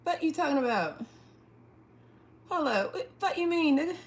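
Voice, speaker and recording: A woman hosting a casual livestream from her apartment, talking straight into a phone or webcam, blunt and profane, laughing quickly and reading the chat aloud. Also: high voice, expressive. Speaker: livestream host. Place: indoors at home, an apartment.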